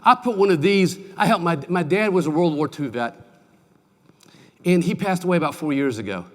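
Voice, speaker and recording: High-voiced folksy man in a big hall. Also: moderate pace. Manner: folksy, animated storyteller, asks the audience questions. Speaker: keynote speaker. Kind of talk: motivational keynote speech. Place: large conference hall. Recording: distant mic with long hall reverb.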